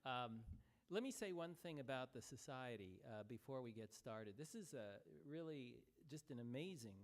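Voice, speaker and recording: A man's voice: medium pitch, animated, moderate pace. Man opening a keynote speech. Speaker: keynote speaker.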